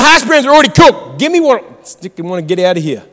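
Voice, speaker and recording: High-voiced fired-up man preaching. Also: sing-song, brisk, hardly any pauses, a bit bright, big-room sound. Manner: fired-up, exhortative, calls to the congregation. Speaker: pastor. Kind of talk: sermon. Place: church.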